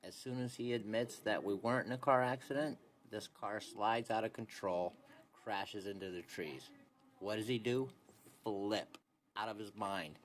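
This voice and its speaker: A man's voice: fairly low pitch, measured pace. A young man casually telling a long story into a phone, laid-back and rambling, full of "anyways" and "this and that". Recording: phone recording with faint background hiss.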